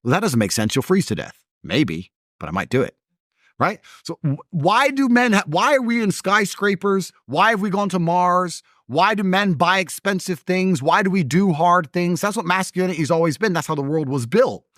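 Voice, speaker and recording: A man's voice: high-pitched, expressive, moderate pace, fairly bright tone, no room sound, studio quality. A man in casual podcast conversation, talking bluntly and emphatically. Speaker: podcast guest.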